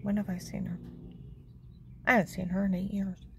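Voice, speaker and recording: An older woman telling a rambling, aggrieved personal story, repeating herself and acting out what others said, her voice gravelly. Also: mid-range voice, little pitch movement, moderate pace, a little hiss or hum. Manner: chatty, aggrieved, repeats herself, acts out quotes.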